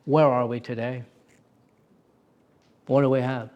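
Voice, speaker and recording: A middle-aged man telling stories as an interview guest, animated and acting out the voices he quotes. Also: medium pitch, a little slow, muffled recording. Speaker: interview guest, former prison officer. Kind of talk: storytelling in a conversation.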